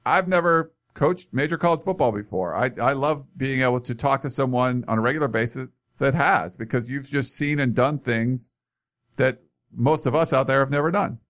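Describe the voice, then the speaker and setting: Male sports podcast host, casual and easygoing, mid-pitched voice. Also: normal speed, fairly bright tone.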